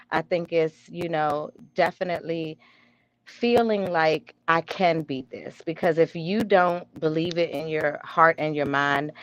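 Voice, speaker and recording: A woman's voice: low voice, no room sound, rough recording. A woman in her forties, a doctor guest on a talk show, speaking frankly and with humor. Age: 40s. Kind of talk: casual talk show chat.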